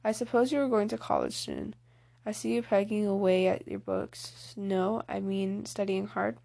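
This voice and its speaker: A woman's voice: medium pitch, very animated, normal speed, gravelly, dark tone. A woman reading as a blunt, hearty tomboy girl. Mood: eager. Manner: outspoken, hearty. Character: spirited tomboyish teenage girl, blunt and eager.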